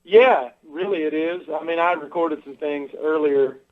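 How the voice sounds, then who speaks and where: Man, easygoing musician guest, phoning in from home, tinny line. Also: on the high side. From Western Kentucky. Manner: easygoing, teasing, halting. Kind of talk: phone interview. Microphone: telephone.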